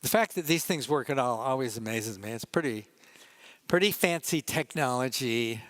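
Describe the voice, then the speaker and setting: An older man giving a conference talk as a photojournalist, telling wry, relaxed anecdotes about his pictures with asides to the audience. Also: medium pitch, moderate pace, no room sound.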